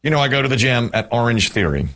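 A man in his fifties, a show host telling stories in casual banter, animated and quick to laugh. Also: medium pitch. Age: 50s. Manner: animated storytelling, bursts of laughter.

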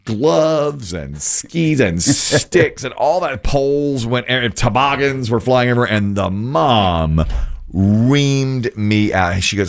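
A man's voice: medium pitch, animated, slow pace, vocal fry. A middle-aged male radio host in casual chat, telling stories animatedly and acting out the voices in them.

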